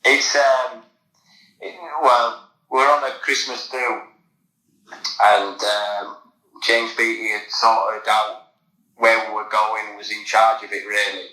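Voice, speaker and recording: A man's voice: fairly low pitch, little pitch movement, slow pace, pauses often, pushed and bright, echoey room, poor audio. An English man, a former footballer, telling a long anecdote in a casual podcast chat, with many fillers and restarts. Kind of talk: casual storytelling.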